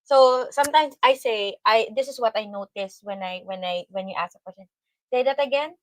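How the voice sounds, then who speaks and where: Filipina lady cohosting a stream, talkative, giggly, kinda high voice, dry mic. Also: dry recording, rough recording. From Philippines. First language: Tagalog. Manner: chatty, laughs often, careful deliberate phrasing. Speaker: livestream co-host. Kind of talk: casual livestream chat.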